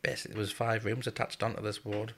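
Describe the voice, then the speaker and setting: Blunt man with a bright voice. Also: lowish voice, flat delivery, fast. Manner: blunt, swearing, laughing through his story. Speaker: guest, former RAF serviceman. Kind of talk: casual storytelling in a podcast chat.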